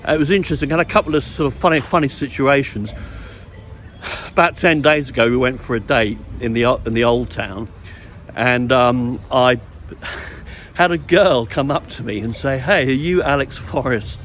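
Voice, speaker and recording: With a little hiss or hum in the background, a middle-aged man walks a street and spins a wandering, reflective dating story laced with fillers and restarts. He's a dating vlogger, speaking at a moderate pace in a medium-pitched, fairly bright voice.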